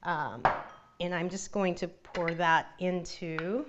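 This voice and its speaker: A woman's voice: fairly low pitch, steady tone, slow pace. A chatty, giggly woman from Northern California hosts a live cooking show, walking through a recipe in an easygoing way. The sound is a little dull, like a live stream, with a faint hiss behind her. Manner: chatty and giggly, laughs often. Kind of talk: casual live cooking demo.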